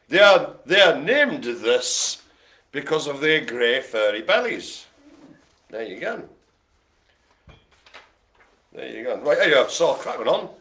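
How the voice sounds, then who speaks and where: A man's voice: medium pitch, sharp tone. A man hosting a live bingo game, playful and punning, laughing often. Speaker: bingo host. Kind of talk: jokey live bingo calling. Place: care home activity room.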